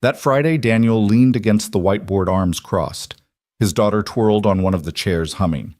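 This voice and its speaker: Steady male storyteller, low-pitched, dry close recording. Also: moderate pace, dry recording. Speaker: narrator. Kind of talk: scripted story narration.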